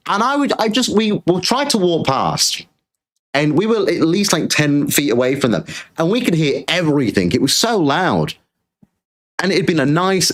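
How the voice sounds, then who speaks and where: Blunt ranting man. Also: on the high side. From Britain. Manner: blunt, swears freely, repeats himself while ranting. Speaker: podcast host. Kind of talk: casual ranting monologue.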